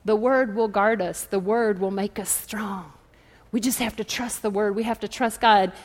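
A woman pastor preaching a sermon, telling stories with lively asides and calling out to the congregation in a church. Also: medium pitch, normal speed. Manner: animated storytelling with audience call-outs. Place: church hall. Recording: echoey hall.

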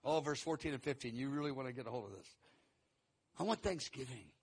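A man preaching a sermon, teaching verse by verse and acting out quoted lines with animated, rising emphasis. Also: mid-range voice, fast talker, creaky, husky. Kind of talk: sermon teaching through scripture.

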